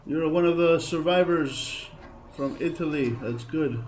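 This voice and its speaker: A man's voice: a little high, a little slow, a little mellow, slight background noise, rough recording. A tired man chatting to viewers while streaming a game, repeating phrases as he talks. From Greece. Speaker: gaming streamer. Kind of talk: casual live gameplay chat.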